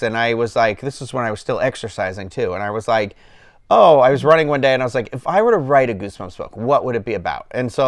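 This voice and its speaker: A man's voice: mid-range voice, dry recording, studio quality. Rambling man in his thirties, casual chat. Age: 30s. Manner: rambling, full of fillers and quoted asides. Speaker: channel host.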